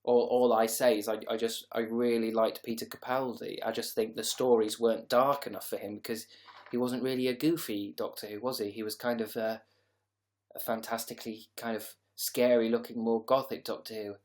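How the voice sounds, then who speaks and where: A man's voice: mid-range voice, level tone, a little fast, darkish tone. A tired man hosting a casual livestream, rambling sarcastically and reading out viewer comments. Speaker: livestream host.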